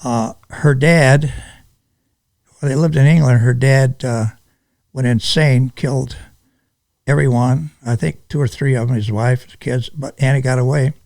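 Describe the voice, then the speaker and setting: An older man from Michigan, a retired police sergeant, telling stories in an interview in a halting, unhurried way with many restarts. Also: medium pitch, steady tone, gravelly, a little mellow, no echo. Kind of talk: casual storytelling interview.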